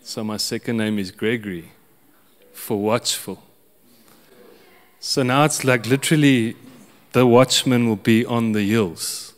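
A man's voice: medium pitch, a little slow, long pauses, in a large hall. A man preaching a sermon, telling a personal story with many restarts and chuckles. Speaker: pastor.

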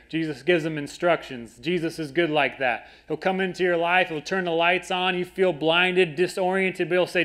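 A man's voice: on the high side, steady tone, normal speed, few pauses, fairly bright tone. A young adult man preaching a conversational sermon and reading scripture aloud. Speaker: pastor. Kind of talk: sermon, Bible teaching.

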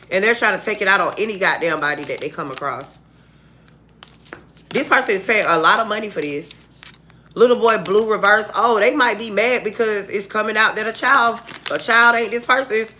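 A woman's voice: mid-range voice, pushed and bright, a little hiss or hum. A woman giving a casual, heated tarot reading to viewers, speaking bluntly with lots of cursing. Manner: blunt, profane, heated street talk. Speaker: tarot reader.

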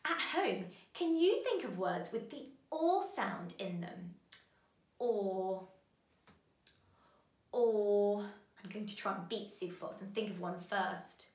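A woman teaching a children's phonics lesson, giving bright, sing-song encouragement to young learners. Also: mid-range voice, animated, slow pace, pauses often, roomy sound.

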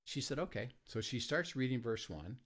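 A man who leads a ministry tells stories in a conversation, halting often with fillers and restarts and acting out the quoted dialogue. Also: mid-range voice, big pitch swings, fairly bright tone. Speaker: ministry leader. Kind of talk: conversational storytelling.

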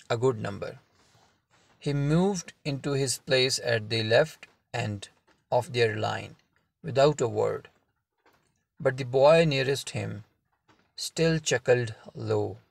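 A man narrates a novel at an unhurried pace, his voice carrying a gravelly edge. He reads in a measured way and lets the pauses sit. The sound is close and dry, with no room around it. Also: mid-range voice, dry recording. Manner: slow, measured reading with deliberate pauses. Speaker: audiobook narrator. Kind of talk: scripted audiobook narration.

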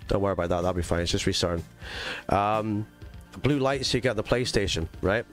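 Chatty male streamer with a low voice. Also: brisk, soft background music. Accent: mixed English and Scottish. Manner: chatty, rambling, talks to chat with fillers. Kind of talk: live gaming stream chat.

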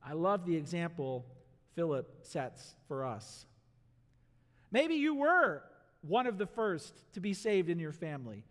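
A male pastor preaching a sermon in a church, animated, asking the congregation questions and acting out voices. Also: a little high, measured pace. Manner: animated, acts out voices and asks the crowd rhetorical questions. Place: church sanctuary. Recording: long hall reverb in a church.

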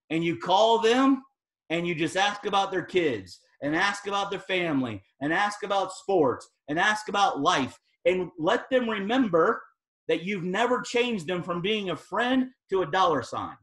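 Guest speaker, man, high voice, emphatic motivational trainer with casual slang. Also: fairly bright tone. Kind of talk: motivational team training talk.

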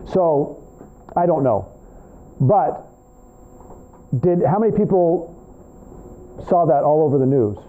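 Man, professor, classroom lecture, animated and rambling, high voice, faint hiss. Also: slow, pauses often. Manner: animated, rambling, talks back and forth with students. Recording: tinny, phone-like classroom recording with faint hiss.

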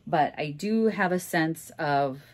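Chatty reseller woman, lowish voice. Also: slow pace, a little mellow. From Minnesota. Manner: chatty, candid, joking asides. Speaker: reseller vlogger. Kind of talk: casual chat.

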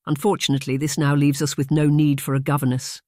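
A man's voice: fairly high pitch, flat delivery, fast, mellow, no echo, natural voice. Man doing a gracious noblewoman, cheerful, raised voice, dry close audiobook sound. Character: kindly cheerful middle-aged noblewoman employer.

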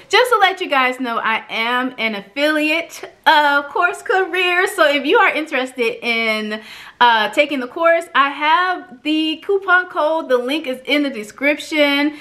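Bright, animated young woman vlogger. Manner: chatty and animated, acts out quoted dialogue with big pitch jumps. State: emotional, near tears. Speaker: vlogger reviewing an online course. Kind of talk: casual personal vlog storytelling.

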